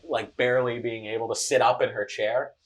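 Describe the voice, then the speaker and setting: A woman narrating a tabletop game as game master, lively and often laughing. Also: very deep voice, a little fast.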